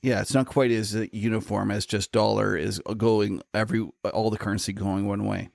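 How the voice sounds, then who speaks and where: Canadian male co-host, low gravelly voice, relaxed chat, dry sound. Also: moderate pace, no echo. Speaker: podcast co-host. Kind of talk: casual podcast chat.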